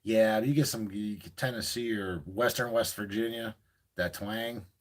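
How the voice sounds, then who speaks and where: Gruff joking man in casual chat. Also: on the low side, moderate pace. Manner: gruff, joking, profane storyteller.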